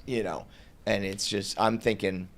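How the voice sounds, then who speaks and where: A man's voice: fairly low pitch, fairly even intonation, measured pace, a bit bright. A young man telling a long, rambling story on a podcast, full of "like" and laughing at his own tale.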